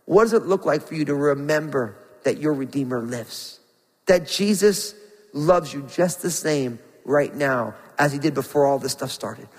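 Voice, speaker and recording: A man preaching a sermon with passion, his voice climbing as he reads Scripture and dropping soft for questions to the congregation. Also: a little high, animated, moderate pace, big-room sound, low-quality recording. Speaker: pastor.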